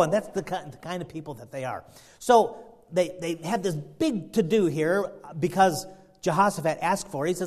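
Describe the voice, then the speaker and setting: A man's voice: a little high, expressive, moderate pace, darkish tone. A man preaching a sermon, retelling a story in a folksy, rambling way. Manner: folksy, storytelling, many fillers and restarts.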